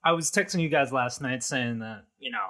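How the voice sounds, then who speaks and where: A man's voice: medium pitch, brisk, a bit bright. A man co-hosting a podcast, chatting casually and tossing in dry joking asides. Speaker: podcast co-host. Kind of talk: casual chat.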